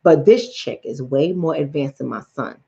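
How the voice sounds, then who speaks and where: A middle-aged Bronx woman with a New York accent speaks low, with vocal fry, at a moderate pace. As a relationship coach on a late-night livestream chat, she tells animated stories bluntly and with plenty of profanity. The lo-fi audio sounds dull.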